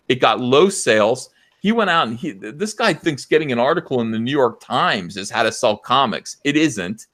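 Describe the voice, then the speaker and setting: A man hosts a live stream in a heated, impassioned rant, sometimes nearly yelling. His voice sits a little high and swings widely up and down as he mocks others in put-on voices. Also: sing-song, moderate pace. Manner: loud, impassioned, mocking impressions. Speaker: livestream host.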